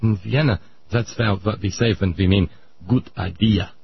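A man's voice: fairly low pitch, steady tone, moderate pace, slight background noise, voice pushed down, natural voice. A man voicing a pompous older Viennese psychiatrist in a radio comedy bit, lecturing in a thick mock-German accent. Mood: smug. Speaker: comedy sketch character. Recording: muffled radio broadcast.

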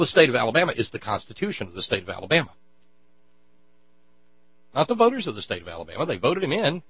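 A man's voice: husky, dry recording. A man hosting a political talk show, giving mocking, scornful commentary over played clips. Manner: mocking, scornful, shouts in falsetto mockery. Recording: dull lo-fi audio with mains hum.

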